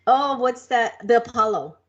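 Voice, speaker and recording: A woman's voice: on the high side, expressive, normal speed, dull audio. A woman co-hosting a podcast in casual chat, talkative, laughing easily and telling rambling stories. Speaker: podcast co-host.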